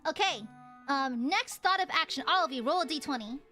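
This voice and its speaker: Bright, high-voiced woman game master. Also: expressive, brisk, faint music behind. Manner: playful, giggly, acts out crowd voices. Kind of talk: narrating a tabletop game on a voice call.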